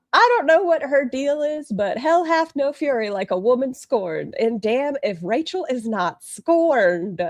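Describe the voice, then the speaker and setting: A woman's voice: high voice, darkish tone, no echo, clean studio sound. A woman hosting a casual livestream, chatting bluntly and reading viewer comments aloud. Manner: blunt and gossipy. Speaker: livestream host.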